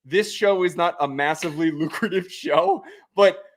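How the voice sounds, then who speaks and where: A man co-hosting a podcast, telling animated stories in casual chat and swearing freely. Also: high voice, moderate pace. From United States. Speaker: podcast co-host.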